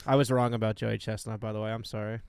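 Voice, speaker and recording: A man's voice: on the low side, level tone, fast talker, vocal fry, darkish tone, clean tone. A man with a wry, self-mocking way of talking, chatting loosely with friends around the studio mic. The sound is dry and close, with no room echo. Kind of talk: casual chat.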